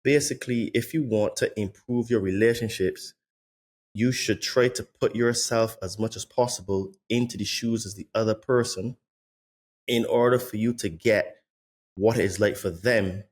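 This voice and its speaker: Low voiced guy hosting a podcast, rambly questions, reads the subscribe plug. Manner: rambling, restarts, slows on key words. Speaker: podcast host. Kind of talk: conversational interview, reads show plugs.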